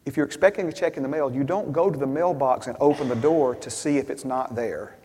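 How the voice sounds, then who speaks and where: A man preaching a sermon as a story, swinging from hushed asides to loud, emphatic bursts. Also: mid-range voice, a little fast, husky. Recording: long hall reverb.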